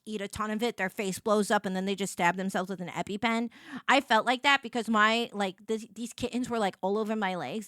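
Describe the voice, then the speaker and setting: A woman streamer chatting casually to her viewers, bubbly and excitable, rambling with lots of "like"s and squealing over cute things. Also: fairly high pitch, dry recording, studio quality. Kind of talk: casual live-stream chat.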